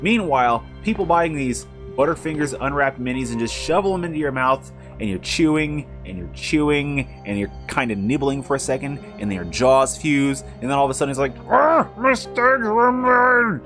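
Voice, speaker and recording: Animated man rambling over gameplay. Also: medium pitch, a little fast, few pauses, soft background music. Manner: rambling, jokey asides while playing. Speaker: streamer playing a video game. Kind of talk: casual live-stream commentary.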